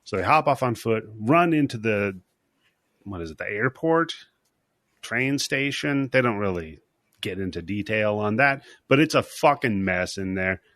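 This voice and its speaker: A man's voice: on the low side, lively intonation, a bit bright, no room sound, clean studio sound. Profane man rambling through a movie recap. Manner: rambling, profane, acts out scenes in quick voices. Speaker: podcast host. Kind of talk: casual movie recap chat.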